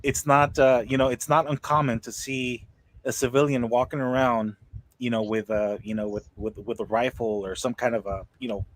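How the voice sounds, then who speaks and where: A man's voice: mid-range voice, little pitch movement, dry recording. An American man hosting a podcast in casual chat, often repeating words as he searches for what to say. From United States. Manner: halting, repeats words while searching for them. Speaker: podcast host.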